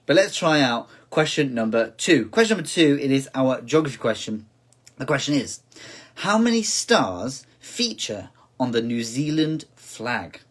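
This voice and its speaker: A man with a somewhat husky, breathy voice hosts a relaxed home quiz stream. He talks in a chatty, easygoing way and reads every question out more than once. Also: medium pitch. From United Kingdom. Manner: chatty, repeats each question several times, laughs at himself. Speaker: quiz host. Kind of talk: casual live-stream quiz hosting.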